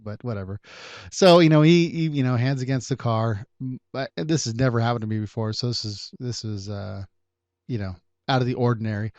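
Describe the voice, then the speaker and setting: A man in the middle of his pitch range tells a story in a casual, rambling way, often restarting his sentences and laughing at his own tale. The sound is dry with no room echo, and it comes through a dull, lo-fi mic. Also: a little mellow. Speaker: podcast host, private investigator.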